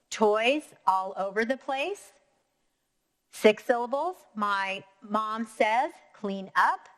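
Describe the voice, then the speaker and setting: A woman teaching a recorded lesson to young students, talking clearly and patiently and counting syllables out slowly. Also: medium pitch. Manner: clear, encouraging, slow and deliberate when counting syllables. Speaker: elementary school teacher.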